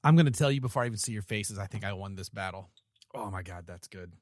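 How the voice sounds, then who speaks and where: A man co-hosting a casual podcast, joking and animated as he chats about beer and football. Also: lowish voice, fast talker. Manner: jokey, animated, laughs often. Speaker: podcast co-host. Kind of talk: casual chat.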